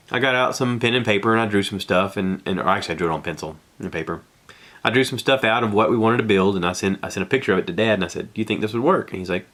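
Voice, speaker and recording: A man's voice: deep voice, quick pace, fairly bright tone. A middle-aged man hosting a podcast, telling a casual, rambling and self-deprecating story from his back porch, acting out what people said. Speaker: podcast host.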